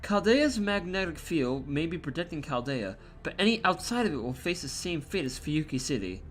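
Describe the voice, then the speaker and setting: A cold male villain from a fantasy game, contemptuous and lecturing as he gloats, read aloud by a man. The voice is bright and sits a little high, swinging widely in pitch, with faint game music underneath. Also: sing-song, normal speed. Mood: gloating.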